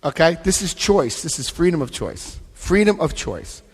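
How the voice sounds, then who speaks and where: Guy giving a talk at a convention, punchy and direct, voice sits kinda high, big hall echo. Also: big pitch swings, normal speed, slightly rough. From Florida, US. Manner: emphatic, often checks in with "Okay?"; directs listeners through book pages. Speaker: recovery convention speaker. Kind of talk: live talk to a convention audience. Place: large convention hall with an audience. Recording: long hall reverb from a live talk.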